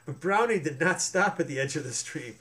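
A man's voice: fairly high pitch, lively intonation, fairly quick, pushed and bright, slight background noise. A man reading a children's book aloud, stopping to explain things to young listeners.

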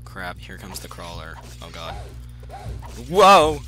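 A young man commentating his own gameplay, muttering to himself and then breaking into excited yelps. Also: lowish voice, measured pace, soft background music. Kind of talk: let's play commentary.

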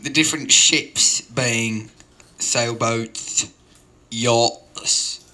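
A man rambles through an absurd stand-up story with a deadpan delivery. His voice sounds very bright and forward, at an ordinary male pitch. He keeps wandering off into digressions and then coming back to the story. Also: very slow. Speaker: open-mic comedian.

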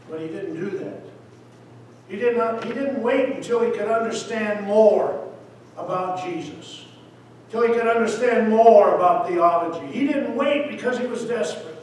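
A man, a missionary preacher, giving an impassioned sermon that swings between loud appeals and hushed words. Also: high-pitched, measured pace, a little hiss or hum. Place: church sanctuary. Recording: echoey hall, voice from far off.

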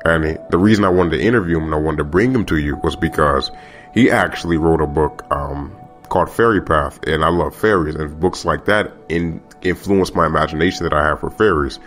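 Deep-voiced, passionate male podcast host. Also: brisk, a bit bright, soft background music. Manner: passionate, repeats himself, rambling. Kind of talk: casual podcast monologue.

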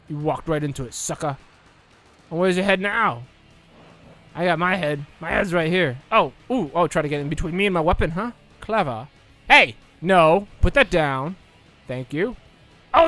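A young man doing a jokey, excitable commentary over a video game, bursting into mock announcer shouts. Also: sits high, vocal fry. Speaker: let's play gamer. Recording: dry close recording.

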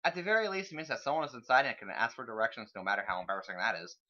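A man's voice: mid-range voice, racing, bright, forceful tone, dull audio. A man reading visual novel narration aloud during a casual let's play, laughing between lines.

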